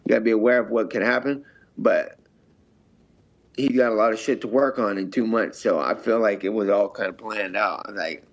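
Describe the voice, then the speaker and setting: A man's voice: lowish voice, normal speed, highs cut off. A man who fights professionally, talking in a casual interview in a brash, rambling, heavily profane way.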